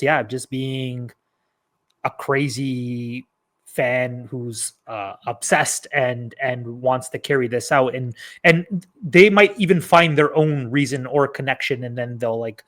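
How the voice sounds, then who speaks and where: A man in casual chat about a movie trailer, relaxed, laughing easily and swearing now and then. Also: medium pitch. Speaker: podcast guest.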